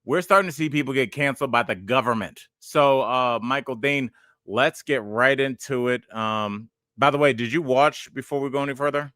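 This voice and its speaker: Speaking at a moderate pace in a medium-pitched, pushed and bright voice, this forty-something comedian and podcast host drifts through casual chat and digressive, rambling stories. The studio sound is clean, with no room sound.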